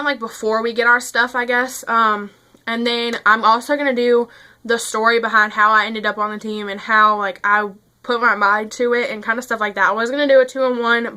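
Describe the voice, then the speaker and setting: A woman's voice: on the high side, pushed and bright, smooth. A teenage girl chatting casually to camera as a vlogger, rambling with lots of fillers and a little out of breath. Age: teens.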